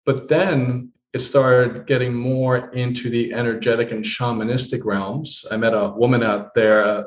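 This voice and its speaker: A male guest tells his story in an animated way, switching into the voices of the people he quotes. The room rings around him. The sound is dull and lo-fi. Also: mid-range voice, reverberant. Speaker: guest, holistic practitioner. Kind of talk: casual storytelling.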